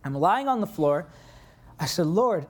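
Male preacher, sermon, lively storytelling, acts out his prayers. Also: very high voice, moderate pace.

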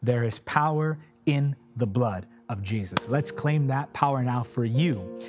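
A man's voice: medium pitch, lively intonation, measured pace, music in the background. A man preaching a sermon in a repetitive, declarative cadence, then praying fervently for listeners. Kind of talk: sermon with closing prayer.

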